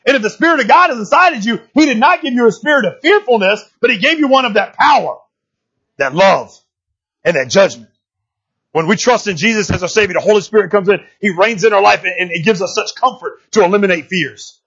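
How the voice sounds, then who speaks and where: Male pastor, high and slightly breathy voice, casual lively sermon delivery, somewhat muffled recording. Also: brisk. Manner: lively and conversational, often asking "right?".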